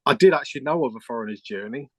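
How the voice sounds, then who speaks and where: A man's voice: mid-range voice, animated, rapid-fire, a little mellow, no room sound. A middle-aged man, a keyboard player, telling a rambling story with restarts and quoted dialogue in a casual interview.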